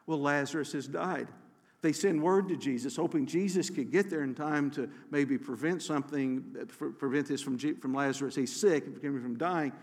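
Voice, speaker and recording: An earnest male pastor delivers a sermon, often restarting his phrases and dropping to a slow, soft emphasis. His voice sits a little high for a man and has a gravelly edge. The sound carries a long reverb, like a church hall.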